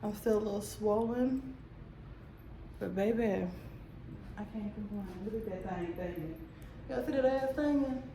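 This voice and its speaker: Woman vlogger, casual and lively storyteller, mid-pitch voice, light background noise. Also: measured pace, pauses often. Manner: chatty, animated, talks straight to viewers. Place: home, indoors.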